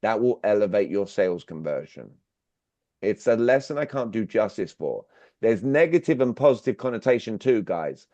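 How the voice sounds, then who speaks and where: Very animated and speaking at a normal pace, a man with a low, dark voice leads an online sales workshop, talking directly and hammering his audience with questions. The video-call recording is dull and dry, without echo.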